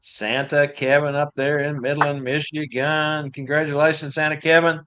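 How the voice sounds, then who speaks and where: A man's voice: a little high, level tone, moderate pace, noisy background. A man with a Texas drawl hosting a live online show, chatting casually and laughing at his own stumbles. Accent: Texan. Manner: jokey, laughs at himself, easygoing. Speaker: show host.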